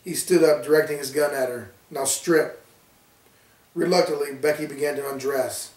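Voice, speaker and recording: A man reading his own horror story aloud with a steady storytelling delivery. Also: fairly high pitch, a little fast. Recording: roomy, distant from mic.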